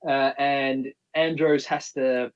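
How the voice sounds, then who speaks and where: A man's voice: mid-range voice, little pitch movement, slow, clean tone, distant mic, muffled recording. A man co-hosting a casual live stream, rambling and restarting as he explains things he loved growing up. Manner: rambling, many restarts, nostalgic fan explaining. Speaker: co-host.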